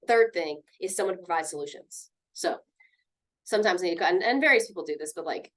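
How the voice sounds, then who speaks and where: Lively woman teaching a class. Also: fairly low pitch, a little fast. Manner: lively, conversational, acts out quoted friends. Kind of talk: mindfulness lesson to a class.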